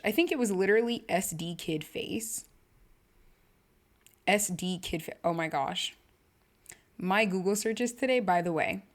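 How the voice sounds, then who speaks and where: A young woman hosting a casual solo podcast, rambling and cutting herself off, with lots of slang and sudden bursts of excitement. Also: medium pitch. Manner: rambling, self-interrupting, slangy and animated. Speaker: podcast host.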